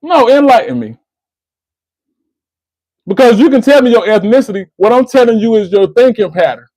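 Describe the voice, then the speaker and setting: High-voiced man lecturing a caller. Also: sing-song, normal speed, darkish tone, no echo, poor audio. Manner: lecturing, repeats the caller's name; restarts and repeats words. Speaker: host of a call-in debate stream. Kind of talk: argumentative call-in discussion.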